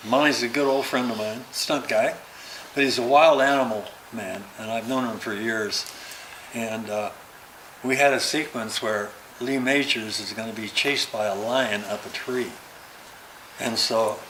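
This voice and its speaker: Speaking a little slowly in a medium-pitched voice, an older interview guest shares anecdotes in a casual conversation. He brings them alive by acting out quoted dialogue, and the room adds roomy echo and faint background noise.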